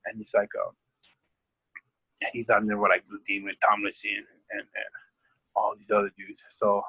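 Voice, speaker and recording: A man's voice: lowish voice, monotone, moderate pace, vocal fry, pushed and bright, breathy edge, no room sound, low-quality recording. A man telling a rambling, profane sports story in casual podcast chat, as a football coach. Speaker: podcast guest.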